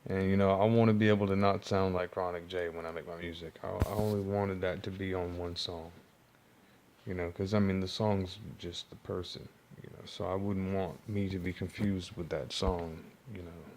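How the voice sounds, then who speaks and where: Laid-back low-voiced man. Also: steady tone, moderate pace, background noise. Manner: loose, rambling, with many fillers. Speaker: rapper showing his unfinished songs. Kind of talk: casual talk to camera. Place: home music studio.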